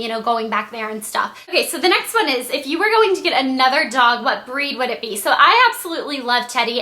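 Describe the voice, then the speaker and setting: A young woman from Georgia chats through viewer questions for her beauty vlog, rambling and filling gaps with "like" and "um." Her voice sits high and sounds bright and sparkly. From Georgia, USA. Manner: chatty and rambling, full of "like" and "um". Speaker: beauty YouTuber. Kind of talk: casual Q&A vlog.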